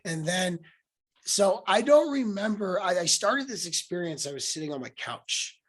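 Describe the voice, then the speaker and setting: A young adult man chats on his podcast in a fairly high voice. He tells stories with a lot of animation and leaps up in pitch and loudness whenever he quotes someone. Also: moderate pace. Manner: animated storyteller, acts out quotes with sudden loud pitch jumps. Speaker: podcast host. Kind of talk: casual conversation.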